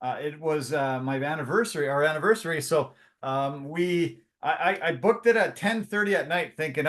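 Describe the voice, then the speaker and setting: A man co-hosting a sports podcast, telling stories in a casual, animated way with plenty of fillers and restarts. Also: on the high side, normal speed, hardly any pauses. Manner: animated storyteller, acts out quotes.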